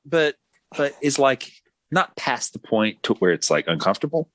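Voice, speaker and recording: A man's voice: medium pitch, moderate pace, no echo. A man hosting a podcast, chatting casually and rambling with jokes. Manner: rambling and joking, lively ups and downs. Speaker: podcast host. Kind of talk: casual chat.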